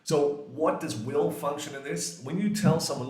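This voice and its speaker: A man in his forties teaching English grammar in a casual, lively way, swearing freely and acting out little quoted exchanges. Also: on the high side, moderate pace. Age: 40s. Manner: lively, swears often, acts out quoted voices. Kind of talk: casual classroom explanation. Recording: echoey room.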